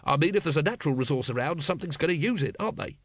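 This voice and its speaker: A man voicing a gruff, bitter city watch captain who talks in a low, grumbling growl. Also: lively intonation, very fast, no room sound, clean studio sound.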